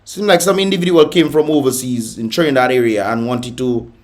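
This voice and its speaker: A man's voice: medium pitch, a little fast. A man hosting a casual reaction vlog, chatty and laughing often, with Caribbean creole phrasing. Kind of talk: casual commentary on viral videos.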